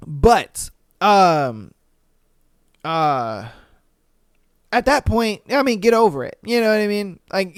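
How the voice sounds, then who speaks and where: A man's voice: sits high, clear, resonant tone, dry recording, studio quality. A man hosting a podcast, reading a story aloud and then ranting bluntly with plenty of swearing. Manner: blunt, profane, animated rants. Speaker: podcast host. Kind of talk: reading and reacting to stories.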